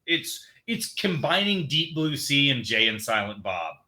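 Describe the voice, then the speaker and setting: A man co-hosting a movie podcast in joking, animated casual chat. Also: medium pitch, unhurried. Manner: jokey, animated, laughs at his own bits. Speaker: podcast co-host.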